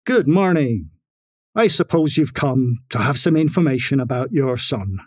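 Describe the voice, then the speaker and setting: A man reading aloud and voicing a stern middle-aged college registrar, stiffly formal and prone to shouting. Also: mid-range voice, animated, normal speed, close to an everyday voice. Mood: polite. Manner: stiffly polite, then shouting.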